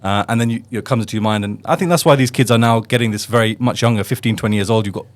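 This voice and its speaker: A man's voice: fairly low pitch, very fast. A man hosting a podcast who reflects on his guest's story in a casual way, thinking aloud with restarts. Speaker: podcast host. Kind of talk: casual interview chat.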